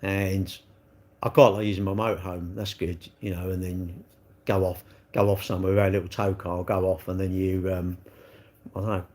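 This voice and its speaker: A man's voice: deep voice, flat delivery, normal speed, darkish tone. A middle-aged man, chatting on a live stream and ranting with rhetorical questions. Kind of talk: casual live-stream chat.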